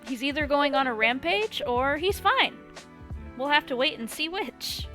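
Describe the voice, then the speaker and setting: A woman streamer giving excitable let's play commentary, exclaiming often and laughing as she plays. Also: high-pitched, measured pace. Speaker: gaming streamer. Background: loud game music.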